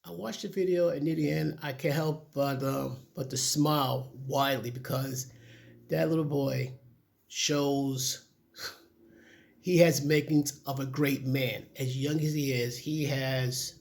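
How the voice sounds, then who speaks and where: A man's voice: mid-range voice, steady tone, measured pace, gravelly. A man hosting his channel, reacting to a video with earnest, slightly preachy commentary and addressing his viewers as folks. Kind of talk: casual commentary.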